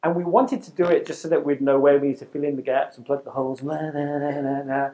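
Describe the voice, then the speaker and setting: A middle-aged man who leads a youth ministry, giving an animated, conversational talk to youth workers in front of a live audience. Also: a little high, fast talker.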